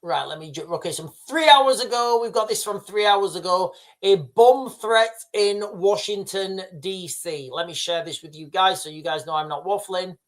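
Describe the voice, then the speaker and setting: A man's voice: sits high, normal speed, few pauses, a bit bright. Rambling man hosting a livestream. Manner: rambling, full of fillers and restarts. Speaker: livestream host. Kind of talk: casual live commentary.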